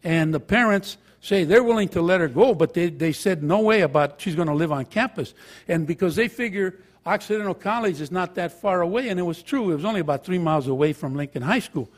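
A man's voice: high-pitched, animated, quick pace, few pauses. An older man, a former teacher telling a joking anecdote to an audience. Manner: anecdotal, joking, switches into Spanish. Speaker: former high school teacher and counselor. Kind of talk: storytelling talk to an audience.

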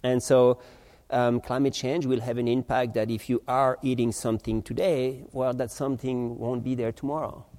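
A man's voice: medium pitch, steady tone, normal speed, darkish tone. A man on a panel, explaining steadily. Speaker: panelist on oceans and climate. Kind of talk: panel discussion.

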